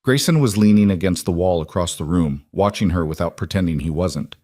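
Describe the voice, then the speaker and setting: A man reading a scripted story in an even, unhurried way. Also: low-pitched, dry recording, studio quality. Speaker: narrator. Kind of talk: scripted narration.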